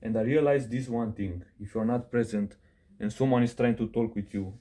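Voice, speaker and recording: Young male coach, slightly low voice, casual cursing rant, fixes his own wording as he goes. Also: steady tone, normal speed, mellow. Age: young adult. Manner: blunt, swears, keeps saying bro; non-native phrasing, self-corrects mid-sentence. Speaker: self-improvement coach. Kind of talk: casual direct-to-camera advice rant.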